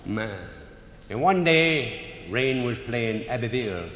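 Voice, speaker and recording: This man tells comic stories live in a folksy Cajun drawl. His mid-range voice is animated and fairly bright, and he speaks slowly. The roomy hall recording carries faint noise.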